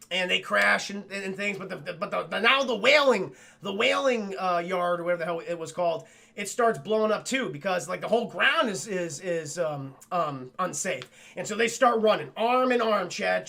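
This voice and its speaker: Excitable young man, gravelly and bright. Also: high-pitched. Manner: excitable, swearing, laughs often. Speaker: film review streamer. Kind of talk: casual film recap talking to live chat.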